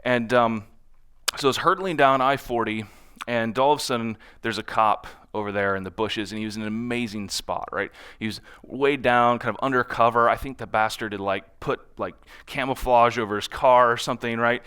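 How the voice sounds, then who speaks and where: A man's voice: mid-range voice, moderate pace, pushed and bright, clear, resonant tone. Man giving a conversational conference talk. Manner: conversational, often adds "right?" to check in. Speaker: conference speaker. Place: conference stage in front of an audience.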